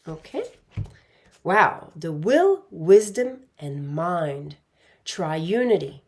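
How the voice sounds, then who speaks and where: A woman's voice: on the low side, big pitch swings, extremely slow. A woman giving an intuitive pick-a-pile tarot reading, speaking in a meandering way and calling her viewers "my dear". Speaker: tarot card reader.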